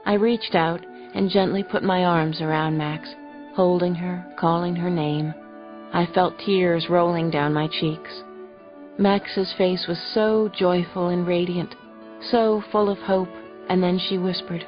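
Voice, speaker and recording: A woman narrating a thriller audiobook in the first person with gentle, emotional storytelling. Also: lowish voice, steady tone, slow. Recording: dull lo-fi audio, faint music.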